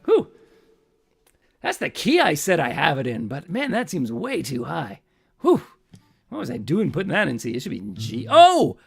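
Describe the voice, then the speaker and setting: A man's voice: sits high, vocal fry, husky. A man hosting a live stream from his home, chatting between songs in a rambling, self-mocking way and muttering to himself.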